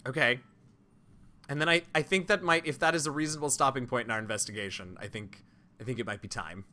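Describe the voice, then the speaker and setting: A man's voice: mid-range voice, quick pace, pushed and bright. A man hosting a livestream of a video game, joking and self-deprecating as he chats with a friend and his viewers. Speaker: streamer and game host. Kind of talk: casual let's-play chat.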